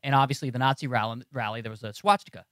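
A man's voice: medium pitch, racing, a bit bright, dry recording, clean studio sound. A man co-hosting a podcast in casual chat, telling stories emphatically with many restarts. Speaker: podcast co-host. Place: podcast studio.

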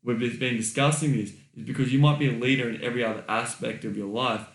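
A man's voice: mid-range voice, steady tone, fast talker. An Australian man co-hosting a casual podcast, blunt and swearing freely, laughing easily as he talks. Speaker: podcast co-host. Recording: roomy echoey room.

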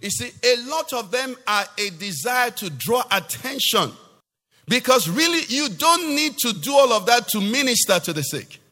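A man, a pastor preaching a sermon in an animated way and putting rhetorical questions to his congregation. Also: very high voice, normal speed, big-room sound.

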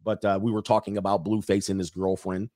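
A man's voice: sits low, level tone, a little fast, dark tone, no room sound, studio quality. A man hosting a commentary show who reacts to a clip and makes his points emphatically, hammering them home by repeating them. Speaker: host.

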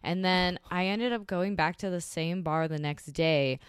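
A woman from Canada telling a dating story in a loose, animated way, swearing often. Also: fairly low pitch, unhurried, clean tone, no room sound, clean studio sound. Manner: swears a lot, animated retelling. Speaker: guest. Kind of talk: casual storytelling.

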